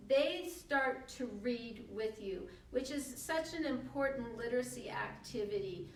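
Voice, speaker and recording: A woman's voice: a little high, far from the mic, slight background noise. An older woman giving a friendly, encouraging talk to parents on shared reading, with frequent ums. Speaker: early literacy presenter. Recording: echoey room, away from the mic.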